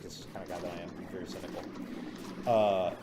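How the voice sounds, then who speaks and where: A man casually reviewing a show, chatty and cynical, with frequent fillers, breaking into quick impressions of lines he quotes. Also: low voice, level tone, background noise.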